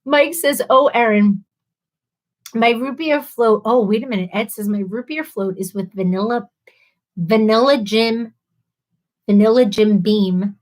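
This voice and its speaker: A woman's voice: on the high side, unhurried, pauses often, darkish tone. A woman hosting a casual live stream, laughing a lot and a little tipsy from wine as she reads out viewer comments. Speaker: livestream host.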